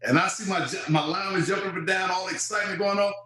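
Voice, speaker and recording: Animated storytelling man in a roomy space. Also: high voice, rapid-fire. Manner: animated storyteller, acts out quoted voices. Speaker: former football player, guest. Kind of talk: storytelling interview. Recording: roomy echo.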